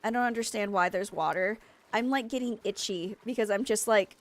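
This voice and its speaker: A young woman streaming a game, frantic and excitable, laughing at her own stress. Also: medium pitch, a little fast, no echo. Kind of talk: gameplay commentary.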